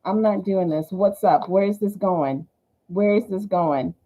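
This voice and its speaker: A woman's voice: mid-range voice, unhurried, mellow, lightly acted. A woman voicing a fed-up adult woman who snaps back sharply and refuses, on a tinny phone-like recording.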